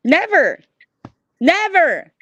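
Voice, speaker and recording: A woman's voice: extremely high pitch, big pitch swings, drawn-out words, pushed and bright, no room sound, dull audio. A middle-aged woman hosting a livestream, ranting at her chat in an angry, profane, repetitive way. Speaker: livestream host.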